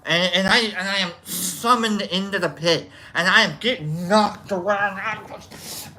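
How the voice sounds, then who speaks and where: A show host telling a long, rambling story in a casual way and acting out scenes with shouts. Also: medium pitch, takes it slowly.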